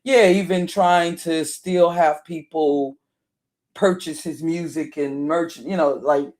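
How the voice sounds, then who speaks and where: A middle-aged woman with a deep alto voice, hoarse and worn, rambling through casual live-stream commentary and greeting viewers by name. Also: slow pace, darkish tone. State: hoarse, voice wearing out.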